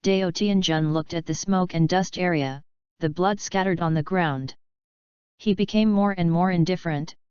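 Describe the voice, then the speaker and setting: A woman narrating a fanfiction audiobook in a flat, even reading, with a dull lo-fi sound. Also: fairly low pitch, normal speed, clean tone, no room sound. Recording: dull lo-fi dry recording.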